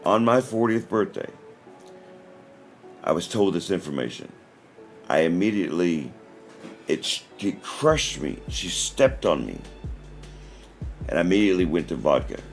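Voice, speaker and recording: Man in his forties, livestream host, very low pitch and lively delivery, a rambling storyteller, faint music underneath. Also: a little slow, pauses often. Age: 40s. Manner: rambling storytelling with many restarts. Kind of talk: casual livestream chat.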